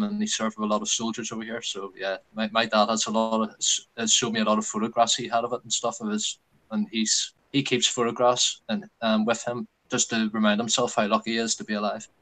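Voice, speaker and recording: A man's voice: fairly low pitch, level tone, a little fast, a bit bright, poor audio. A Northern Irish man from Northern Ireland, a guest in a casual chat, explaining plainly and agreeably.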